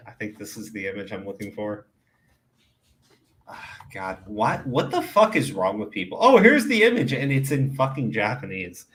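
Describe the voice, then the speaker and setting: A young man on a livestream who talks in an excitable, profane way, jumping into animated retellings. His voice is bright and forceful, with a tense edge when he gets worked up. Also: fairly low pitch. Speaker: streamer. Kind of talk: casual chat.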